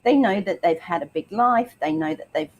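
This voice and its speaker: A woman's voice: fairly low pitch, lively intonation, normal speed, a little mellow, rough recording. A middle-aged Australian woman hosting a live online show, greeting viewers by name in a chatty way with lots of fillers and a slight tickle in her throat. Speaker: livestream host. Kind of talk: upbeat live show welcome.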